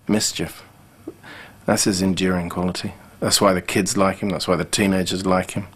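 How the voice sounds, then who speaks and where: A man speaking in a documentary interview, reflective and pausing to find his words. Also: low-pitched, flat delivery, fairly bright tone, slightly rough. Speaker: commentator.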